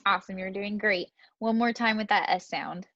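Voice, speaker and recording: A woman's voice: mid-range voice, moderate pace, no echo. Encouraging woman clinician on a dull call. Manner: encouraging, gentle coaching. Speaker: student speech-language clinician. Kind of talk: clinical exam instructions.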